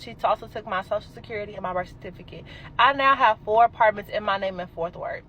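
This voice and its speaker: A young adult woman telling a casual storytime, animated and emphatic, swearing freely. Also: medium pitch, slight background noise, low-quality recording.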